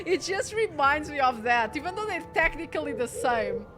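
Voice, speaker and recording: A woman's voice: high voice, fairly quick, hardly any pauses, music in the background. A woman streaming a game, chatting casually and reading the game's lines aloud in playful voices. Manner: animated, swearing, reads game lines aloud in character voices.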